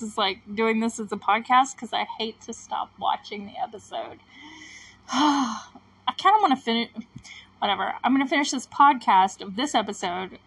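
A young woman hosts a podcast in a loose, chatty way, giggling often as she retells scenes and quotes the lines. Her voice sits a little high, and the recording is close and dry with no room sound. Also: a bit bright, dry recording, low-quality recording. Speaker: podcast host recapping a TV episode. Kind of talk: casual chat.

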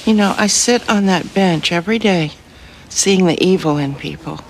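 An actress playing a stern juvenile-court judge in a TV drama, speaking in measured, severe pronouncements. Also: female voice, fairly low pitch, a little hiss or hum, natural voice. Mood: firm.

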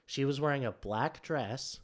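A man's voice: mid-range voice, a little slow. Rambling man telling a hospital story. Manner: rambling, filler-heavy, acts out quotes. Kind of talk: casual storytelling chat.

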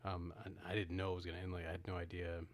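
A man with a very low voice co-hosts a podcast. He retells a film's ending in casual talk, restarting his sentences and acting out the characters' lines. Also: completely flat delivery, racing. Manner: retells scenes with acted-out quotes, frequent restarts. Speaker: podcast co-host. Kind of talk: casual film discussion.

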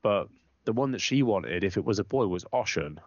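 A man's voice: on the low side, brisk, dry recording. A man co-hosting a casual podcast, telling rambling, swearing stories and acting out other people's lines in a raised voice. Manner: rambling storyteller, animated, quoting others in raised voice. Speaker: podcast co-host. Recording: dull lo-fi, dry.

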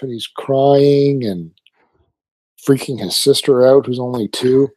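A man in his thirties tells a story in casual chat, acting out the voices of the people in it. His voice is mellow and somewhat husky. The sound is dry and close. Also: mid-range voice, slow pace, no echo. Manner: animated storyteller, acting out his kids' lines.

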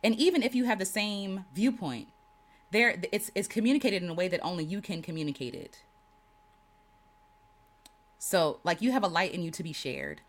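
A woman talks straight to her livestream viewers as a creative coach. She is affirming and animated, repeats her key lines for emphasis, and laughs easily, with a lively, swooping pitch. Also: normal speed, pauses often. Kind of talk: casual livestream talk.

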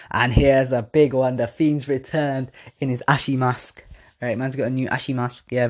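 Rambling lad, casual podcast chat. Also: male voice, medium pitch, darkish tone. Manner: rambling, slangy, swears, laughs at himself. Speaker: podcast host. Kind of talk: casual wrestling predictions chat.

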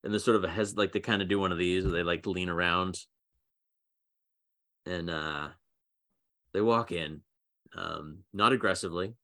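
A man narrating a tabletop game as game master, relaxed and loose with fillers. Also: deep voice, moderate pace, pauses often.

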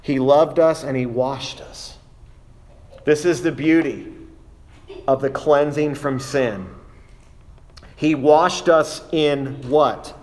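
A man preaching a sermon, deliberate and emphatic, with frequent filler uhs between phrases. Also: on the high side.

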